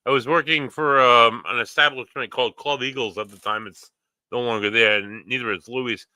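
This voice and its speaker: A man's voice: mid-range voice, steady tone, normal speed, bright, forceful tone, no echo. A man co-hosting a casual live-streamed chat, telling rambling stories full of quoted voices. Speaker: podcast co-host.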